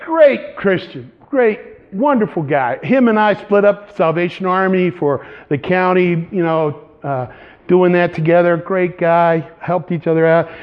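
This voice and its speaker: Animated high-voiced male pastor. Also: lo-fi sound. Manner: animated, playful storyteller with vocal sound effects. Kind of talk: storytelling sermon.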